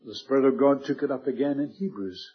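A man preaching a Bible sermon earnestly, slowing and dropping his voice on key words. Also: mid-range voice, husky, lo-fi sound. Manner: earnest, emphatic, slows and drops to a hush on key words.

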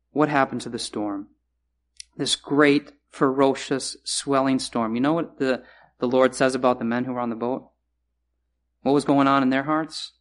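Earnest male preacher, loud then hushed. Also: medium pitch. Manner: earnest, repeats phrases, swings between loud and hushed. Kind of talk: sermon.

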